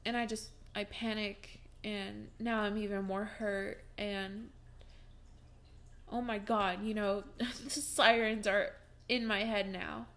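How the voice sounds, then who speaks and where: A woman's voice: medium pitch, flat delivery, slow, a bit bright. A young woman vlogging from home, telling a personal story in a casual, chatty way with many fillers and restarts, and breaking into laughs as she talks.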